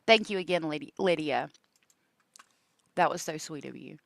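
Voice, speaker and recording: A woman's voice: low-pitched, lively intonation, normal speed, creaky, a bit bright, a little hiss or hum. A woman hosting a true crime live stream, rambling in casual chat with lots of ums and likes and gushing thanks to her viewers.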